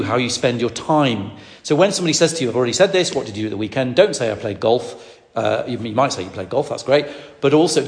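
Preacher guy, talks fast, lots of restarts, echoey big room. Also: fairly high pitch. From northwest England. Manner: rambling storytelling with many restarts. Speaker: evangelist. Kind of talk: sermon teaching. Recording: echoey hall.

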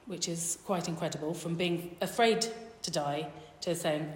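A woman's voice: fairly low pitch, moderate pace, hardly any pauses. A woman retelling a Bible story in a sermon, chatty and humorous, with wry asides. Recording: echoey hall reverb.

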